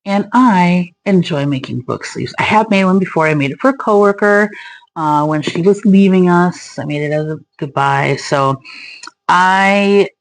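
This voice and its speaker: Chatty woman with low-ish voice, rambling. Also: measured pace. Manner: rambling, many fillers and trailing thoughts. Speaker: craft vlogger. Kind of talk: casual chat.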